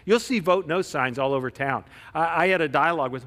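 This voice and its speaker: A man's voice: on the high side, fairly quick, hardly any pauses, a bit bright. A man preaching a sermon as pastor, telling stories conversationally with frequent restarts. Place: church sanctuary. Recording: long reverb of a church hall.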